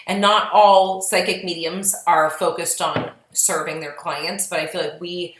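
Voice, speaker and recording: Podcast co-host, a woman, earnest and chatty, slightly low voice, echoey room. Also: unhurried, background noise. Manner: chatty, earnest, animated when quoting. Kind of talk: casual podcast talk. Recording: roomy echo.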